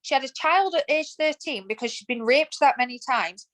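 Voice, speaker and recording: A podcast guest in her thirties talks at normal speed in a high, slightly bright voice, heard over a rough recording. She's emphatic and passionate throughout the casual interview, performing quoted thoughts aloud.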